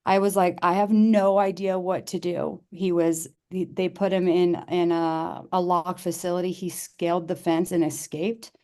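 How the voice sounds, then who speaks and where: This middle-aged woman, a guest on a podcast, relates a personal story earnestly in casual talk, with many restarts and reenacted dialogue. Her lowish, dark-toned voice has little pitch movement and moves at a normal speed with few pauses.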